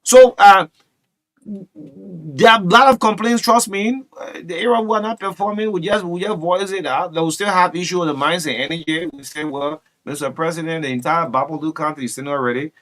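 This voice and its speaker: A man with a fairly high voice hosts a morning radio talk show. He talks emphatically, repeating his phrases and swinging from loud bursts to quiet asides. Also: a little fast. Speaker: radio breakfast show host. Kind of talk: animated talk radio commentary.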